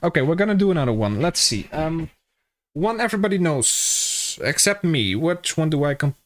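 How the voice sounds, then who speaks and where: A young man with a Dutch accent talks loosely to his stream chat, joking and cursing as he plays. His voice sits a little high for a man, and his delivery is casual and offhand. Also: very animated, moderate pace. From Netherlands. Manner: jokey, swears freely, chats with viewers.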